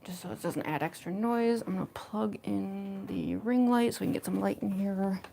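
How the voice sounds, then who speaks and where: A woman's voice: medium pitch, normal speed, gravelly, dark tone, a little hiss or hum. A young woman chatting casually on a cosplay livestream from home, giggling often and answering chat, on a phone with a plug-in mic. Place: home room.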